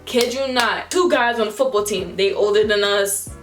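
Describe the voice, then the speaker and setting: A woman's voice: mid-range voice, normal speed, soft background music. A young woman, casually telling a vlog storytime, acting out the people in it with slang and swearing. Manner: animated, acts out quoted voices with slang and swearing. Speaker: vlogger.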